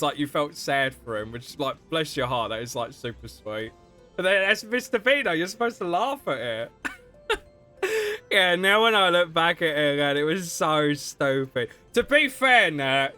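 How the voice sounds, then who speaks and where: Lively bright-voiced young male streamer. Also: on the high side. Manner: chatty and giggly, often laughing mid-sentence. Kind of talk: casual game livestream chat.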